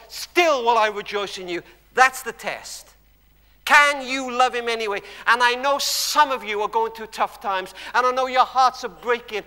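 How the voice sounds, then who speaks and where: Man, church sermon, emphatic storytelling with hushed drops, long hall reverb. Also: extremely high pitch, clear, resonant tone. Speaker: guest preacher.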